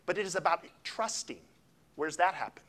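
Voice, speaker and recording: A man preaching a sermon with a slightly high voice. He talks conversationally, tossing in quick asides. His pitch leaps and dips as he preaches. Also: expressive, a bit bright. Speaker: pastor.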